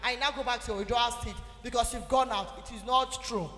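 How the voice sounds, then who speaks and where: A young Nigerian woman with a Nigerian English accent, giving an animated, emphatic teaching talk to a church audience. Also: on the high side, brisk. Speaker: church speaker. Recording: echoey hall with faint music.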